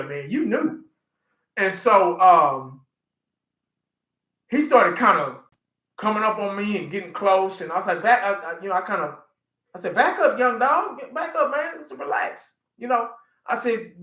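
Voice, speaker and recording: Man in his 40s, fan-show host, high bright voice, animated storytelling, roomy echo. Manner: animated storyteller, laughs often, talks to chat by name. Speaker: livestream host. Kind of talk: casual livestream chat.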